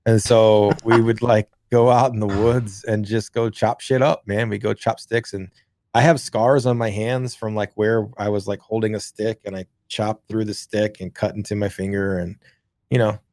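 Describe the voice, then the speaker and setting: A man co-hosting a podcast, telling a childhood story in a rambling, profane, animated way. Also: on the low side, normal speed, no echo, studio quality. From rural. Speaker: podcast co-host. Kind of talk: casual storytelling chat.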